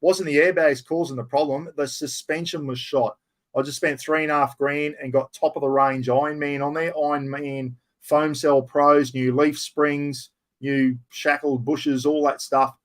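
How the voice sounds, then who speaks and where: Fielding viewers' chat questions on a live stream, an older Australian man is blunt and blokey, swearing casually and calling everyone mate. His voice is fairly high in pitch.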